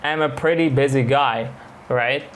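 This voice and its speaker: A man teaching an English lesson, reading slow example lines and explaining them quickly. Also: medium pitch, a little hiss or hum.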